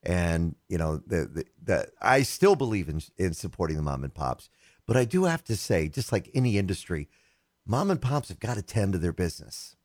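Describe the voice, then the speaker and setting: A chatty male tech podcast co-host whose pitch swings up and down as he talks. He teases his partner and laughs easily. The sound is close and dry, with no room around it. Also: big pitch swings, normal speed, a little mellow, dry recording. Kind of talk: casual podcast chat.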